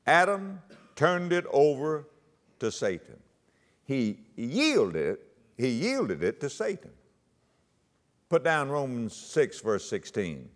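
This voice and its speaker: A man preaching a sermon, quoting scripture in old-fashioned wording and swinging his voice high and low for emphasis. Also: wildly swooping pitch, unhurried. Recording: long hall reverb.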